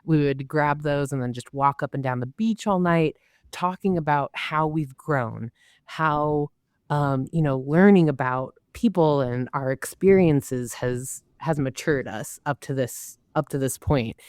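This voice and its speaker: Her low voice moves at a measured pace, recorded at studio quality without room sound. This woman in her twenties is a podcast guest sharing travel stories casually and animatedly, performing the quoted dialogue.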